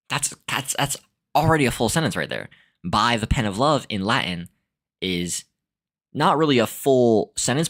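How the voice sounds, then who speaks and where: A man's voice: mid-range voice, vocal fry, fairly bright tone. A young man giving a casual, rambling solo talk as a podcast host, full of fillers, restarts and laughs. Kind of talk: casual monologue on language and philosophy.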